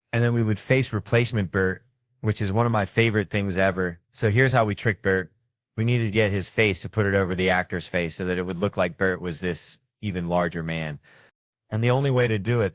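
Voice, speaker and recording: A tired comedian in casual behind-the-scenes talk, wry and rambling. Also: male voice, low voice, no room sound, studio quality.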